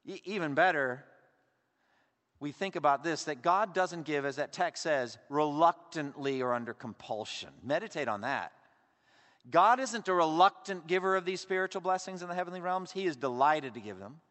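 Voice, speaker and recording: A man preaching a sermon as pastor, swinging between emphatic lines and hushed asides. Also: a little high, expressive, normal speed, in a large hall.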